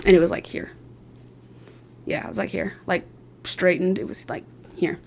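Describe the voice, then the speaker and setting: A young woman talks straight to her viewers in a loose, rambling vlog. She tells her story in a chatty, self-mocking way, full of fillers and quick asides. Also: fairly low pitch, level tone, vocal fry, a little hiss or hum. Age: young adult. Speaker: vlogger.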